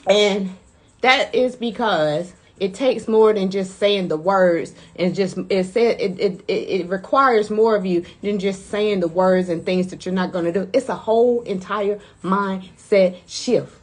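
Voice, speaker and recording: Woman mindset coach, upbeat hype-up talk, mid pitch. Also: a little slow. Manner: energetic, chatty, hypes her listeners. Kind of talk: motivational live talk.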